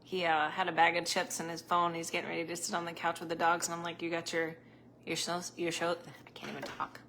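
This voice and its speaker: Chatty, bright-voiced woman streaming live. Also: on the low side, level tone, a little fast, slight background noise. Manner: rambling, chatty, laughs often. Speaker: psychic medium host. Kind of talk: casual live-stream chat. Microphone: close to a camera.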